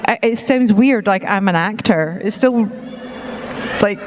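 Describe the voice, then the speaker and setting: A woman's voice: mid-range voice, measured pace, big-room sound, noisy background. A middle-aged woman with a Scottish accent, chatting casually as a guest at a convention panel, self-deprecating and laughing often. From Scotland. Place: convention hall stage.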